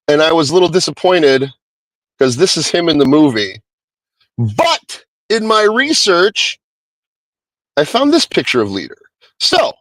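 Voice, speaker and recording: A man's voice: on the high side, animated, normal speed, no room sound, poor audio. A man reviewing a movie in a casual, rambling way, swearing often and restarting his sentences. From Hispanic American. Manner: rambling, profane, many restarts.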